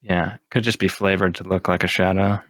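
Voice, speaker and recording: A man with a lowish voice who muses about a tabletop campaign. He reasons slowly and tentatively, hedging and wondering aloud, and the sound is dry and close. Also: flat delivery, a bit bright, no echo. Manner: thoughtful, tentative, often unsure. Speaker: tabletop game player.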